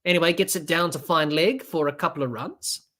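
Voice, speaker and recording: A man's voice: fairly high pitch, a little fast, fairly bright tone. A man hosting a podcast, giving unscripted play-by-play cricket commentary with fillers and restarts. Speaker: podcast host doing live match commentary.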